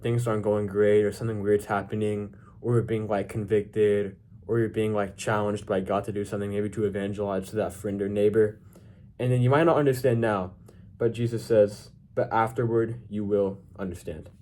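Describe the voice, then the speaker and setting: A young man teaching a Bible verse in a casual devotional video, relaxed and informal with lots of filler words. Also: on the low side, moderate pace.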